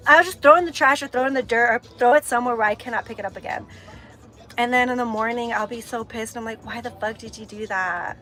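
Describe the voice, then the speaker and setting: A woman's voice: on the high side, fast talker, sharp tone. A young woman hosting a livestream, chatting candidly and confessionally, swearing freely and laughing often. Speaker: livestream host. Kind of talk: candid personal chat. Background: music playing.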